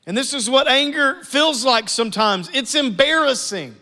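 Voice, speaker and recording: A man preaching a sermon to his church, animated and acting out family scenes. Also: extremely high pitch, moderate pace, few pauses, in a large hall. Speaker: pastor.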